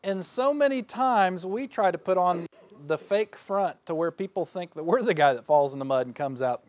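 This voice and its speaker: Man, pastor, folksy self-mocking sermon delivery, slightly high voice, dry close sound. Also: expressive, moderate pace, dry recording. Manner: folksy, self-deprecating, laughs often; swings between loud bursts and quiet asides.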